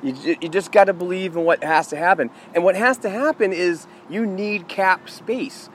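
A man's voice: high-pitched, normal speed, fairly bright tone, slight background noise. A man co-hosting a casual sports talk show, laying out his views in a confident, emphatic way. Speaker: co-host of a hockey talk show. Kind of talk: casual analytical chat.

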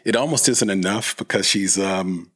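Brief: podcast host, very low male voice, rambling and restarting, many ums. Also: normal speed, fairly bright tone, breathy edge. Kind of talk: casual interview.

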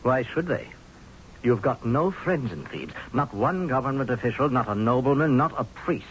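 Radio drama: actor voicing hard-nosed sarcastic general, animated delivery, dull vintage broadcast sound. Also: male voice, medium pitch, moderate pace, a little hiss or hum, lightly acted. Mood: stern. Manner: sarcastic, forceful, pleading. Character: blunt scornful male Egyptian general. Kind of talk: 1970s radio drama acting.

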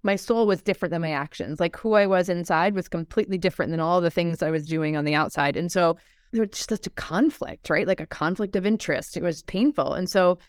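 A woman telling her personal story as a podcast guest, animated and acting out the dialogue she quotes. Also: lowish voice, fairly quick, no room sound, studio quality.

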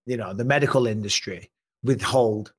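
A man's voice: medium pitch, normal speed, slightly rough. A man hosting a podcast in casual chat, emphatic and full of tag questions. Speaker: podcast host.

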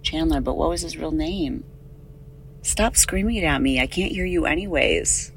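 A woman podcast host chatting casually in a car, rambling and animated, with a slight lisp from recent dental work. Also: low-pitched, moderate pace, gravelly, a little hiss or hum, low-quality recording. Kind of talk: casual chat, recorded on the go.

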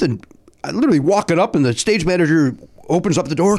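A man's voice: high-pitched, animated, fast talker, a little mellow. A middle-aged man chatting as a podcast guest, telling a story with lots of fillers and restarts. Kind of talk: casual chat, telling a story.

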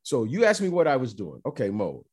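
A middle-aged man telling stories in a casual chat, emphatic and animated, often repeating the listener's name. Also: mid-range voice, fairly quick, breathy edge. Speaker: former basketball player, guest.

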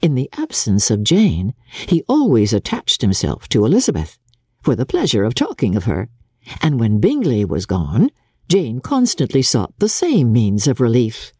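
A woman giving a dramatic, expressive reading of a classic novel as narrator. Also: a bass voice, moderate pace, husky, no echo, studio quality. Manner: expressive, theatrical storytelling.

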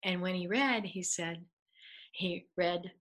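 A woman's voice: fairly low pitch, takes it slowly, low-quality recording. Woman telling a story with frequent laughs. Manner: animated storyteller who laughs often and acts out the quotes. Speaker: guest. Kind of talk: telling a personal faith story.

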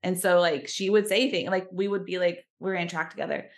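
A woman's voice: fairly low pitch, steady tone, a little fast. A woman, chatting as a podcast guest and using lots of fillers. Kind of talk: casual chat.

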